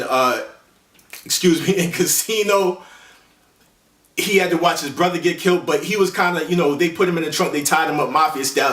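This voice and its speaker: A man's voice: a little high, a bit bright. A man hosting a casual movie countdown, rambling in slang with lots of fillers and self-corrections. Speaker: host. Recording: echoey room, voice far from the mic.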